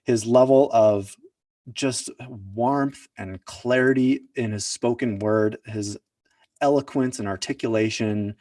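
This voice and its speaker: A man's voice: mid-range voice, slow, darkish tone, dry recording, studio quality, far from the mic. A man, the founder of a project, telling a personal story in an earnest, reflective way, often searching for words. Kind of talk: personal storytelling at an online summit.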